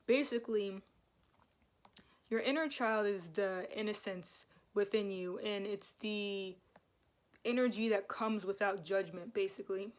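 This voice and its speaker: A woman's voice: mid-range voice, unhurried. A young woman vlogging to camera in a loose, rambling way, full of fillers. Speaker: spiritual vlogger. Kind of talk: casual talk to camera.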